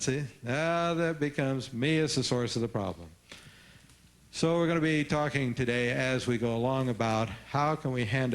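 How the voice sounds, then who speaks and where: A man speaking at a live parenting seminar, lively and teasing, coaxing answers from his audience. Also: medium pitch.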